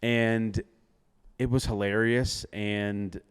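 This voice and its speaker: A young man, a DJ, telling a story in casual chat, animated, laughing often and filling with lots of "like". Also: lowish voice, slow pace, clear, resonant tone, long reverb tail. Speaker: DJ and podcast guest.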